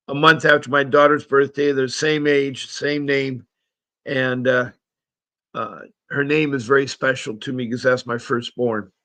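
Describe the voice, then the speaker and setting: A man's voice: fairly high pitch, sharp tone. Scratchy-voiced male live stream host. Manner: rambling, friendly, many fillers. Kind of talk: casual live stream talk.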